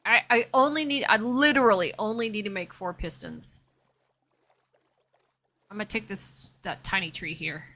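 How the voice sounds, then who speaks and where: A woman's voice: mid-range voice, normal speed, pauses often, bright, forceful tone. A woman streaming a game live, chatting casually with her viewers and talking herself through what she is doing. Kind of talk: casual live-stream chat while playing.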